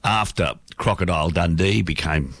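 Middle-aged Australian male presenter, deep and dry, casual anecdotal patter between tracks. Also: moderate pace, a bit bright, dry recording. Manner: rambling anecdotal storytelling with many fillers. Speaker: radio presenter. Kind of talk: casual radio chat between songs.

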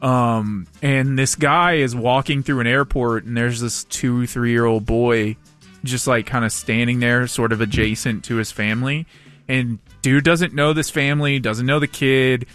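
A man co-hosting a casual podcast, telling rambling anecdotes in a relaxed, slangy way. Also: mid-range voice, unhurried, smooth, faint music behind. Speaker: podcast co-host. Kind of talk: casual chat.

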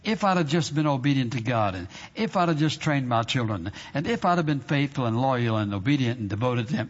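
A man's voice: mid-range voice, animated, fairly quick, hardly any pauses. A man preaching a sermon as pastor, emphatic and conversational, repeating phrases and prompting the congregation for amens. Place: church sanctuary. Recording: dull reverberant hall recording.

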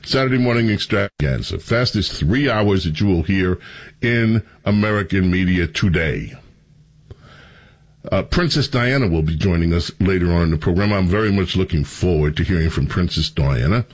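A man hosting a talk radio show, talking in a sarcastic, animated, mocking way. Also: lowish voice, breathy edge.

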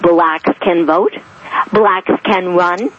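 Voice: medium pitch, steady tone, very slow, highs cut off, a little hiss or hum. A talk-show guest giving sardonic, emphatic political commentary.

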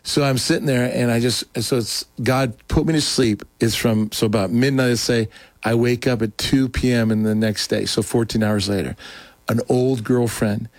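Man, middle-aged, casual storytelling, rambling with false starts, acts out quoted voices, medium pitch, dry close sound. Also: fairly even intonation, normal speed, dry recording. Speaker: guest telling his conversion story.

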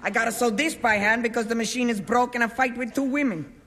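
An actress playing a blunt, grieving Italian widow and seamstress who speaks brusque English with an Italian accent, in a 1950s film drama. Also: female voice, a little high, fast, fairly bright tone, big-room sound. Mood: tearful.

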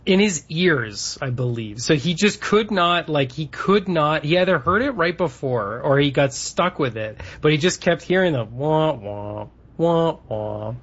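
Relaxed radio co-host, husky. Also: male voice, on the high side, highs cut off. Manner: relaxed, agreeable, quick reactions. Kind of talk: casual radio banter.

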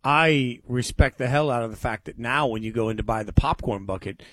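A man's voice: fairly quick, no echo. A man in his forties, a sports radio host, talking casually and enthusiastically about movie outings in a studio. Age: 40s. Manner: excitable, enthusiastic pitching. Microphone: studio mic.

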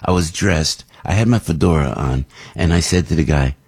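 A man hosting a radio talk show who tells a rambling, animated story with many restarts. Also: rumbling low, moderate pace, breathy edge. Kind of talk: casual storytelling chat.

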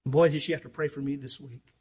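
An older man preaching a sermon as pastor, fervent and emphatic, swinging from loud to hushed. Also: medium pitch, steady tone, fast talker, breathy edge.

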